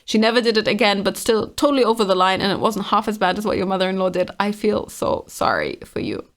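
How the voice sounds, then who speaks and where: A woman's voice: mid-range voice, animated, fast talker. A woman casually reading online comments aloud and reacting to them with frank exasperation.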